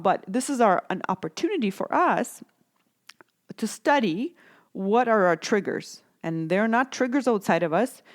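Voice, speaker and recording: A middle-aged woman hosting a solo parenting podcast, talking in a reflective, self-correcting way and often checking in with "right?". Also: mid-range voice. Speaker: podcast host, parenting coach. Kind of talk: casual solo podcast talk.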